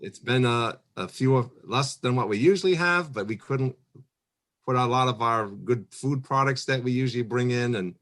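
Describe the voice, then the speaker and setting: A man's voice: medium pitch, a bit bright. A man running a virtual fundraising auction, calling bids with friendly asides. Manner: brisk calls with friendly asides.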